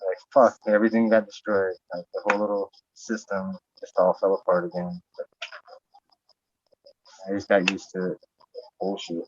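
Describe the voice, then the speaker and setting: A man's voice: sits low, flat delivery, normal speed, long pauses, slight background noise. A man in casual podcast chat, profane and rambling, raising his voice when he acts out what he said. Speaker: podcast host. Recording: dull lo-fi sound.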